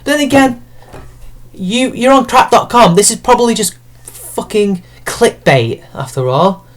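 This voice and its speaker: A man's voice: high-pitched, very animated, unhurried. A man giving a sarcastic, profane rant as an online commentator picking apart an article.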